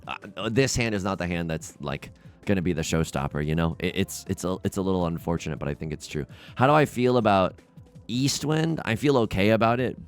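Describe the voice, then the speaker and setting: A young man casually commenting on his own game play, rambling and self-mocking with frequent restarts. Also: low voice. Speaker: let's play host.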